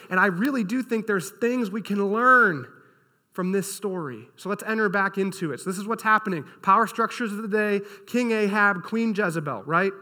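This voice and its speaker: Male pastor, high bright voice, lively casual storyteller; hall reverb. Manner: energetic storytelling, casual and animated. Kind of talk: sermon.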